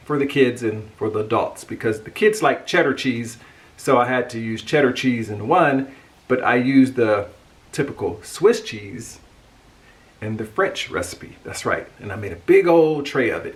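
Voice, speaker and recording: A man's voice: medium pitch, lively intonation, moderate pace. A man from the United States hosting his cooking channel, talking casually and upbeat to his viewers. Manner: chatty, upbeat, jokes about pronunciation. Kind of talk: casual cooking talk to camera.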